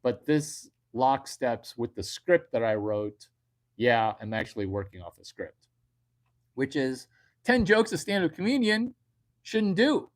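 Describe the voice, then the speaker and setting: A man doing a comedic monologue for online viewers, talking slowly at a middling male pitch. He rambles crudely and circles back to repeat his punchlines. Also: big pitch swings. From United States.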